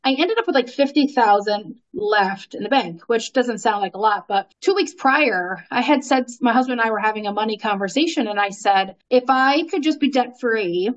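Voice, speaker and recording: A woman telling a long story in casual conversation, animated, laughing often and using lots of fillers. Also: mid-range voice, moderate pace, hardly any pauses, lo-fi sound, a little hiss or hum. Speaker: guest.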